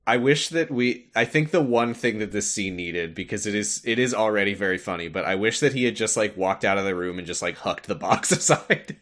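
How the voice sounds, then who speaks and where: A man co-hosting a podcast, recapping a game in casual chat with quick asides and frequent laughs. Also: lowish voice, a bit bright. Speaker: podcast co-host.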